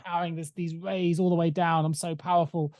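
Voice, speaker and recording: A man's voice: on the high side, flat delivery, brisk, darkish tone, no room sound, clean studio sound, natural voice. Man telling it as a wishful poor stonecutter. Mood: wistful. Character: poor male stonecutter, ever wishing for more power.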